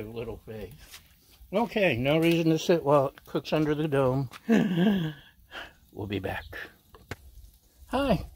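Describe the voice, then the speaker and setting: A cooking channel host with a medium-pitched voice runs a casual outdoor vlog at a griddle, chatty and jokey, teasing viewers with repeated little asides. Loud griddle sizzle sits behind his voice, along with a little hiss or hum.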